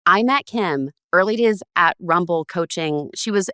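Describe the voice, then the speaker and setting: Animated woman telling a story. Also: a little slow, smooth, no echo, studio quality. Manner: animated, acts out quotes with big pitch jumps. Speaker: podcast guest. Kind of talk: casual storytelling.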